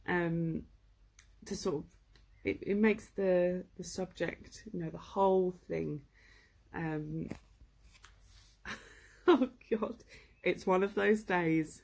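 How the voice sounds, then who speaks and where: Woman, gravelly voice, relaxed chatty teacher, lots of ums. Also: on the low side, slow pace. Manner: chatty, relaxed, full of fillers. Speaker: English teacher. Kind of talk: casual live-streamed lesson.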